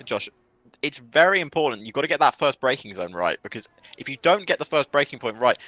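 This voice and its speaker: A man's voice: mid-range voice, bright, forceful tone, no room sound. A man commentating a live sim-racing qualifying session, chatty and joking with rambling asides. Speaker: esports race commentator.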